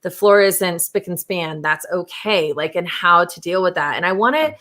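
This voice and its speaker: A woman hosting a podcast, telling a personal story in a casual, animated way and laughing often. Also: lowish voice, moderate pace. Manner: animated, laughing, acts out her own inner dialogue. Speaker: podcast host.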